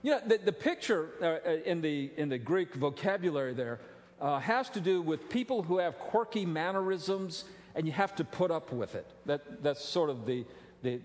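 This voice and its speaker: A middle-aged male pastor preaching a sermon, animated and joking, with frequent restarts. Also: a little high. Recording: long reverb of a large hall.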